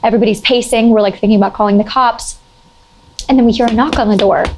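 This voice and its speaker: A young adult woman telling a casual anecdote in an animated way, full of "like" fillers and sudden high-pitched exclamations. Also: quick pace. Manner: animated, heavy use of "like" fillers.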